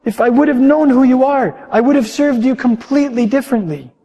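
A man voicing a humble, frantic old Jewish innkeeper who wails and pleads in a raised, high voice. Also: a little fast, warm tone, breathy edge, long reverb tail, full character voice. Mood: insistent. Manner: wailing, pleading, high-pitched.

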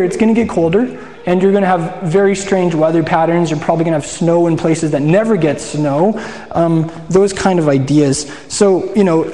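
A pastor from Saskatchewan, Canada, preaches a sermon in a conversational way, posing questions and answering them himself and often restarting his sentences. His voice is on the high side with a dark tone, and it echoes through a hall.

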